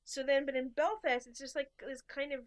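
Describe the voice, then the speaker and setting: A woman's voice: high-pitched, fairly even intonation, a little fast. A young American woman co-hosting a podcast, telling a travel story in casual chat and acting out the dialogue. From USA. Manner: chatty storyteller, acts out dialogue in quoted voices. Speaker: podcast co-host.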